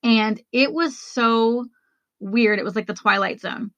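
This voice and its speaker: A woman's voice: a little high, a little slow, a bit bright, no room sound, dull audio. A woman hosting a podcast, telling a personal story in a candid, conversational way and speaking straight to her listeners. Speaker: podcast host.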